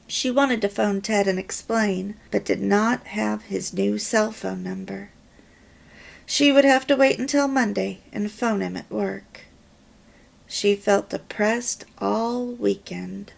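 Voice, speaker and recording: A woman reading a story aloud in a deliberate, measured way. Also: medium pitch, vocal fry. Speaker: reader of a homemaking course.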